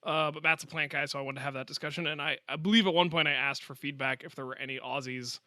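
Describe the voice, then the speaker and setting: A man's voice: a little high, steady tone, quick pace, sharp tone, dry recording, studio quality. A man co-hosting a science podcast, reading a listener email aloud in a chatty, joking way. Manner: chatty, jokey, playful asides. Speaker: podcast co-host.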